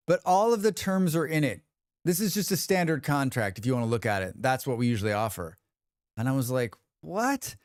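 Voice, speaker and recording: A man talks casually with his stream's viewers, his smooth, resonant voice swinging widely in pitch. He tells stories animatedly, acting out other people's lines and swearing freely. The sound is dry and close. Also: no echo. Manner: animated storyteller who acts out quotes and swears freely. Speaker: livestream host. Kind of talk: casual livestream chat with viewers.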